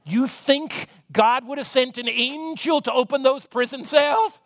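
A man preaching a sermon, moving between loud emphasis and hushed, intimate passages. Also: very high-pitched, unhurried, no echo, studio quality. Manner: dramatic, swings from loud to hushed.

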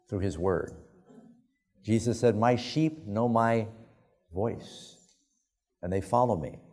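A man's voice: fairly low pitch, vocal fry, mellow, breathy edge. A male pastor preaching a sermon, telling anecdotes in a folksy, conversational way. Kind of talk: sermon storytelling.

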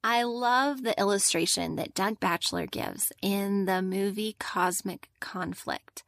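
A woman teaching a Bible lesson to children, gentle and slowing down for emphasis, often asking questions. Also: medium pitch, vocal fry, no echo. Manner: gentle, slow and emphatic on key points, asks the listeners questions.

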